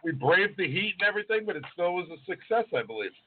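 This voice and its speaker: A man's voice: sits high, very animated, fast, narrow, tinny audio. A man who co-hosts a podcast and works as a chef, chatting casually and laughing often. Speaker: co-host and chef.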